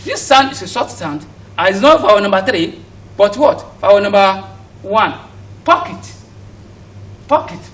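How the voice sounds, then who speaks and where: A man with a Nigerian accent teaches English pronunciation in a high, bright voice. He keeps asking his students questions and repeating each word as a drill. He sounds set back from the mic, with a faint hiss behind him. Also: animated, moderate pace, recorded from a distance, low-quality recording. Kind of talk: recorded classroom lesson for students at home.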